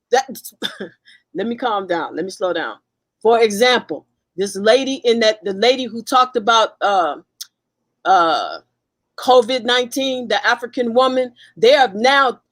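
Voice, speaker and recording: A woman's voice: a little high, a bit bright. A woman guest in an impassioned conversation, talking fervently and emphatically with frequent restarts.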